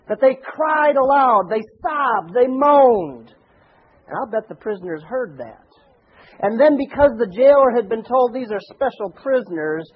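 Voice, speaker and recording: A man preaching a sermon, telling stories animatedly and swinging between loud and hushed delivery. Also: extremely high pitch, husky, lo-fi sound. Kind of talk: sermon with storytelling.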